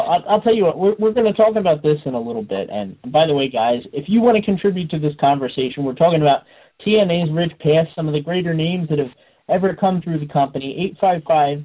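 A man hosting a wrestling radio talk show, energetic and quick to laugh. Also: a little high. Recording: phone-like radio audio.

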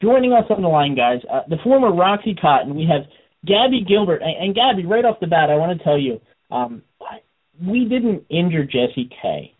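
A man's voice: high-pitched, normal speed. Man radio host on a tinny line. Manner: energetic, laughs often. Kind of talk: casual radio talk. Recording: phone-like radio audio.

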